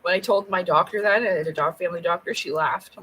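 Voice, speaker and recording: A woman's voice: lowish voice, quick pace, a bit bright, rough recording. A woman talks casually to her camera from home. She is blunt and rambling, and swears freely as she goes. There is a faint hum of ambient noise behind her. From Canada. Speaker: vlogger.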